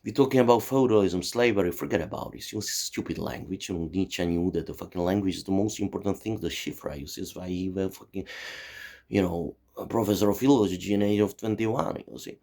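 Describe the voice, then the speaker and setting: A man's voice: low-pitched, a little fast, vocal fry, a little mellow. A man in his forties from Czechoslovakia, delivering a swearing, digressive monologue full of "you see" and "you know". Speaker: channel host. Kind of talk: profane rambling monologue.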